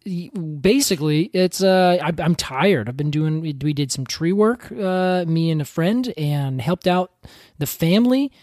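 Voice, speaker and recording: A man's voice: a little high, animated, measured pace, a little mellow, dry recording, studio quality. A man co-hosting a podcast in casual chat, teasing and laughing often. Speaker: podcast co-host.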